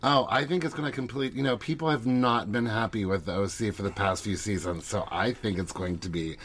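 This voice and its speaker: A man's voice: lowish voice, fairly quick, fairly bright tone, slight background noise. A man co-hosting a casual chat podcast, chatty and teasing as he gossips, recording in a small closet at home. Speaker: podcast co-host.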